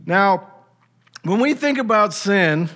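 A man's voice: high-pitched, lively intonation, takes it slowly, fairly bright tone. A man preaching a sermon, teaching in an emphatic, conversational way with rhetorical asides.

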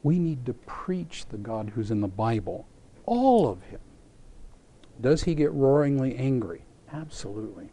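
A man's voice: medium pitch, animated, normal speed, warm tone, breathy edge. A man preaching a sermon. He tells a scripture story with animation, acts out voices in it, and asks rhetorical questions.

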